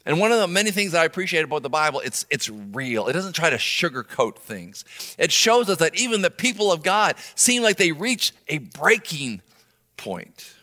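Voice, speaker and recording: A middle-aged man delivers a sermon in a bright, fairly high voice that rises and falls widely. He punches some words loudly and lets others fall quiet and low. Long reverb from a large room trails behind him. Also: moderate pace. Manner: animated, swings between loud emphasis and soft low asides. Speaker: pastor.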